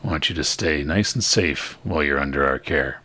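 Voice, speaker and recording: A man voicing a wary, smooth-talking male town sheriff in a tabletop game. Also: very deep voice, normal speed, sharp tone, full character voice. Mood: guarded.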